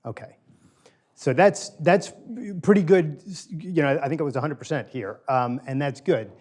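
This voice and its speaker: A man's voice: fairly high pitch, moderate pace, darkish tone. A middle-aged man giving an informal lecture to a small live group in a room, talking casually, polling the audience and repeating key phrases for emphasis. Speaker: guest lecturer.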